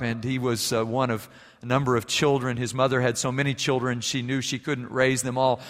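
A man preaching a sermon as pastor, telling stories and moving between quiet, hushed passages and emphatic ones. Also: mid-range voice, long reverb tail.

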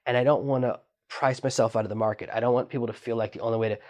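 A man teaching online selling at a quick clip. He keeps it chatty and conversational, and he lifts his voice to act out what customers and sellers say. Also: medium pitch, steady tone, darkish tone. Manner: quick, chatty, acts out quoted lines in a raised voice. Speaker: online business instructor. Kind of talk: teaching monologue.

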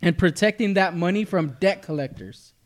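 A man with a notably high speaking voice co-hosts a podcast. He talks loosely and swears freely, and he laughs between his lines. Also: animated, normal speed. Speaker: podcast co-host. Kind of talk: casual chat.

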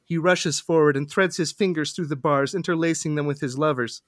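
A podcast host reading parody synopses in deadpan narration, often laughing. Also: mid-range voice, fairly quick, no echo, studio quality.

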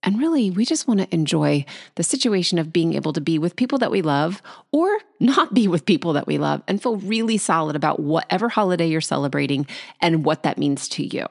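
A woman hosting a solo podcast about anxiety, talking quickly and acting out anxious inner thoughts. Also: low-pitched, expressive, vocal fry. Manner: fast, tumbling, acts out anxious inner voices. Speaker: podcast host.

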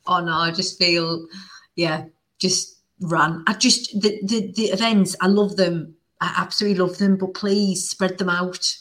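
A woman's voice: fairly low pitch, steady tone, measured pace, fairly bright tone. A Northern English woman in her thirties hosting a podcast. She chats casually and rambles through stories with lots of fillers. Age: 30s. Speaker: podcast host. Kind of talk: casual chat.

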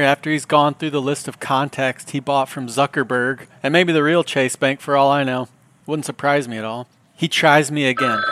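A middle-aged man hosting a podcast, telling comic stories in a wry, deadpan way. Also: mid-range voice, background noise. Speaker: podcast host. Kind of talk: comedic storytelling monologue.

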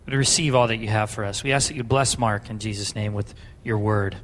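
A man's voice: lowish voice, fairly even intonation, brisk, a bit bright, slight background noise. A man leading a congregation in an earnest spoken prayer, repeating simple phrases. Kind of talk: public prayer. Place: church sanctuary.

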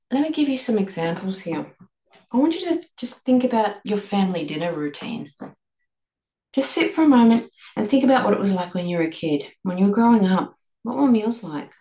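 A woman hosting a reflective podcast, leading listeners through a string of gentle questions. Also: medium pitch. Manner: asks many guiding questions, gentle restarts. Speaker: podcast host and eating coach. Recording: echoey room.

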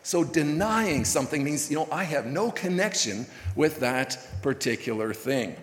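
A man's voice: a little high, expressive, moderate pace. Folksy male preacher in an echoey hall. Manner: folksy, conversational preaching with many fillers. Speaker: pastor. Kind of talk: sermon.

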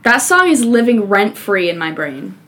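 A woman's voice: medium pitch, big pitch swings, normal speed, fairly bright tone, slight background noise. A woman co-hosting a casual chat, talking like a valley girl. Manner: valley-girl speech, unironic. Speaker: co-host.

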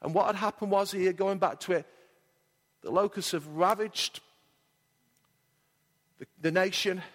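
A male pastor preaching a sermon, emphatic and repetitive, slowing down to stretch out his key lines. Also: high-pitched, a bit bright. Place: church hall. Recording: long reverb of a church hall.

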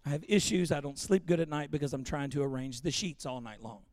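A man preaching a sermon as pastor, joking and animated, calling for congregation responses. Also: fairly high pitch, fast talker, dry recording, studio quality. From Louisiana.

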